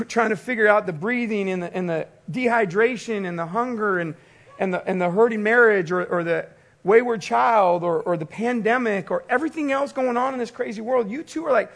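A man's voice: high voice, animated, a little fast. A man, a pastor preaching a fervent sermon with rhythmic, repeated phrases.

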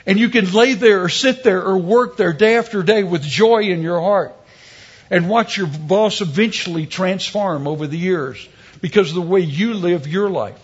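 A middle-aged male pastor with a high, husky voice preaches a sermon, weaving scripture together with funny personal stories. His delivery is emphatic and humorous. The recording sounds muffled.

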